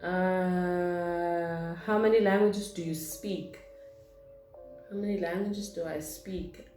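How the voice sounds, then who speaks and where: Woman rambling thru a q&a vlog, lowish voice, roomy echo, faint music under it. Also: fairly even intonation, takes it slowly, warm tone. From South Africa. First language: Zulu. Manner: chatty, rambling, reads questions aloud then answers. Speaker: vlogger. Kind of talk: casual get-to-know-me Q&A. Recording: echoey room with faint music.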